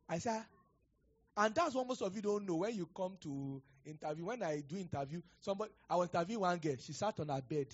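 Male pastor, husky and slightly high, preaching with lively storytelling and loud declarations. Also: fast, lo-fi sound. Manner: animated, acts out dialogue, rising to loud declarations. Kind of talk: sermon with prophecy and storytelling.

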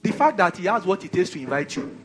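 A Nigerian man preaching a sermon in an animated, conversational way, full of rhetorical questions. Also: high voice, quick pace, soft background music.

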